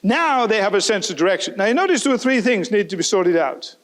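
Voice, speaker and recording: A man delivers a sermon in a notably high voice. He is animated, poses rhetorical questions and briefly acts out the voices of the people he quotes. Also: fast. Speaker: preacher.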